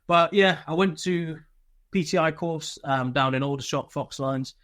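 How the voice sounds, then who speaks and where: A man's voice: on the high side, moderate pace, fairly bright tone, no room sound. A man, telling candid stories from army life as an interview guest, swearing freely and laughing through them. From Britain. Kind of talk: casual interview storytelling.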